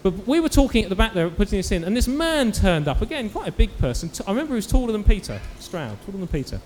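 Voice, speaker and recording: A man preaching a sermon in church, telling a story with lively acted-out quotes. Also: high-pitched, fast, big-room sound, faint music behind. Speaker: pastor.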